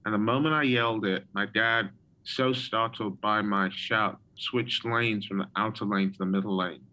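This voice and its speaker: Man telling a testimony, fairly low voice. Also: steady tone, normal speed, bright, forceful tone, low-quality recording. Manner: storytelling with frequent ums and restarts. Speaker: guest prophet. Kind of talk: personal testimony in an interview.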